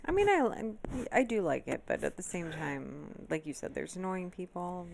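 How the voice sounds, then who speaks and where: Tired, gravelly podcast co-host. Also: mid-range voice, sing-song, moderate pace. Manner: laid-back, brief replies. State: tired, yawning. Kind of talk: casual chat.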